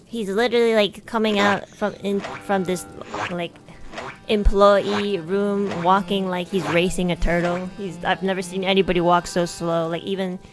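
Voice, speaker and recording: A young woman chats through a story on her stream, lively and talkative, at an ordinary middle pitch. Now and then she jumps up into a brighter voice to act out what someone said. Faint music sits underneath. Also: normal speed. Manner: chatty, animated, acts out quoted lines in a raised voice. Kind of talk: casual storytelling.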